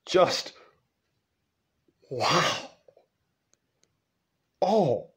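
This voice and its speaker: A man's voice: fairly high pitch, very animated, drawn-out words, a bit bright, voice pushed up, exaggerated voice. A man voicing a fussy, disgusted male Satan with prissy, appalled sighs.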